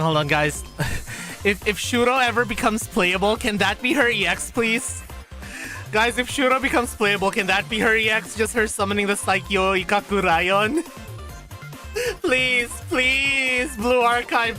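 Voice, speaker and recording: A woman streaming a game playthrough who talks to her chat, excitable and casually swearing. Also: mid-range voice. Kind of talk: live game playthrough commentary.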